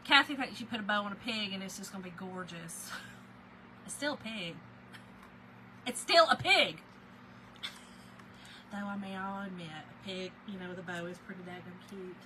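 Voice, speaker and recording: A woman's voice: mid-range voice, brisk, noisy background. A woman with a Southern US accent, chatting casually on a live stream as she crafts and greets viewers by name. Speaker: livestream crafter.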